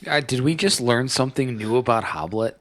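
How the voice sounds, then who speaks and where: A man's voice: mid-range voice, a little fast, fairly bright tone. A man playing a tabletop game, plainly describing his character's actions. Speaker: player. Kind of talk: casual tabletop play.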